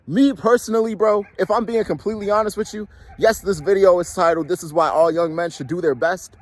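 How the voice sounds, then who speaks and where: A young man with a somewhat high-pitched voice talks straight to the listener about effort. He is blunt and swears freely. He keeps firing rhetorical questions and slangy asides. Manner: slangy, frequent "you know what I'm saying". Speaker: motivational talk host. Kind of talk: casual motivational monologue.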